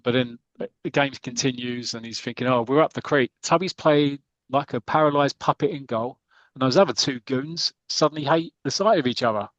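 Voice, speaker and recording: A man's voice: mid-range voice, normal speed, a bit bright, no echo, lo-fi sound. A man hosting a podcast, casually retelling a comic story in a rambling, chatty way. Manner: rambling, many fillers and restarts, chatty. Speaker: podcast host.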